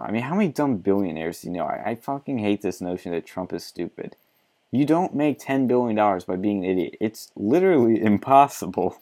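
A man's voice: on the low side, mellow. A man reading an article aloud and mocking it with sarcastic, profane commentary, often laughing.

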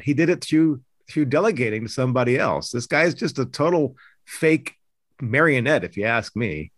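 A man's voice: fairly high pitch, no echo, clean studio sound. A man hosting a political talk podcast, talking emphatically and indignantly with frequent restarts. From Idaho. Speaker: podcast host, news editor.

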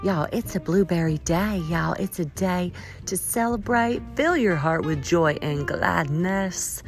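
A woman hosts her own podcast with a low, easygoing voice. She talks in a playful, quirky way, leaping between loud cheering and hushed asides. Faint music sits softly behind her. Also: unhurried. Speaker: podcast host. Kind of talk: upbeat solo podcast talk.

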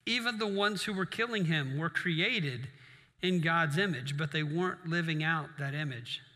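A man's voice: on the high side, normal speed, pushed and bright, big-room sound. A male pastor preaching a sermon in a conversational way, with asides to the congregation.

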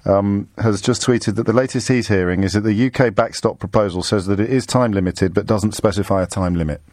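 A middle-aged English man hosting a live radio phone-in from a studio, talking in a quick, sardonic, conversational way. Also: fairly low pitch, a little mellow, no room sound. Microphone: studio microphone.

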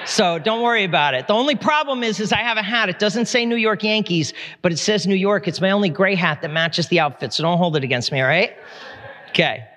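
A man's voice: sits high, bright, forceful tone. A middle-aged man preaching as a pastor, candid and conversational, with fillers and restarts. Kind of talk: sermon. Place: church sanctuary. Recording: long reverb of a large hall.

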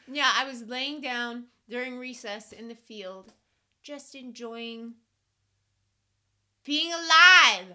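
A woman's voice: a little high, bright, forceful tone. A woman in her late twenties co-hosting a podcast, chatting playfully and laughing easily. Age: late 20s. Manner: giggly, playful, quick to laugh. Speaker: podcast co-host. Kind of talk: casual chat.

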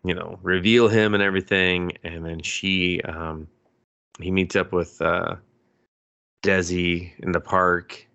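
A man co-hosting a podcast, recapping anime in casual chat, animated and swearing freely as he acts out scenes. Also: low voice, slow, gravelly, no echo, dull audio. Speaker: podcast co-host.

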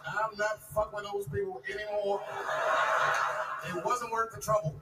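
A man's voice: sits high, level tone, moderate pace, loud music behind the voice. A man in his forties performing a stand-up comedy set, telling loose, profane stories that build to punchlines in a large live venue. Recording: echoey live venue, distant mic, audience noise.

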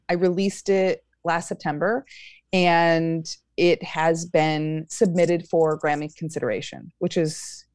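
A woman's voice: on the low side, a little mellow, no room sound, studio quality. A young adult woman comedian chatting in an interview, upbeat, with frequent fillers and restarts. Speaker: stand-up comedian guest. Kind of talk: casual interview chat.

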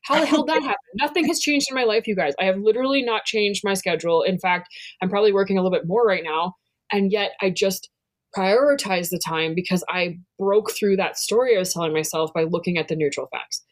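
Thirties woman cohosting a podcast, super candid and animated, drops f-bombs, just chatting. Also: mid-range voice, a little fast. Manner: candid and animated, swears freely. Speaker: podcast co-host. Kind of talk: casual chat.

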